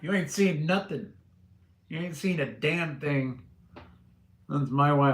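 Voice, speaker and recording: Slow-talking profane livestream host. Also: male voice, medium pitch, echoey room. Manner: blunt, profane, chuckling at chat comments. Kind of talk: casual live chat.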